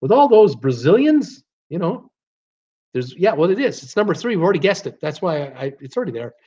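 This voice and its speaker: A man's voice: sits high, very animated, brisk, dark tone, breathy edge, dull audio. A man from Canada hosting a casual live-stream trivia game, reading out viewer guesses and joking between them. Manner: reads viewer guesses aloud, chatty and joking.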